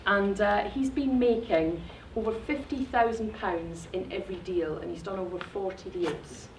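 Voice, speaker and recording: A woman's voice: medium pitch, normal speed, echoey room, distant mic, noisy background. A middle-aged woman hosting an event and introducing the speakers, hesitant and full of fillers, recorded from afar in a hotel function room. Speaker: event host.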